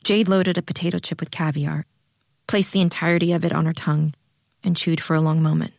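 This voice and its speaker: A woman narrating a story in a calm, even reading voice. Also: low-pitched, fairly quick, vocal fry, no echo, clean studio sound. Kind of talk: audiobook narration.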